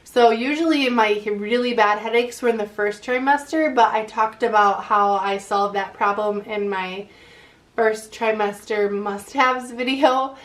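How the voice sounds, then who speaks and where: A woman vlogging in casual chat, talking on with lots of "like" fillers and running short of breath between phrases. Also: medium pitch.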